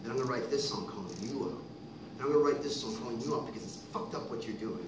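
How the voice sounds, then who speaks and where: A man's voice: medium pitch, fast talker, background noise. A man in his thirties from Texas, telling a long rambling story between songs at a live show, profane and getting worked up. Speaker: musician telling a story on stage. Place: concert venue, live audience. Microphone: stage microphone. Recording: echoey live concert recording from far off.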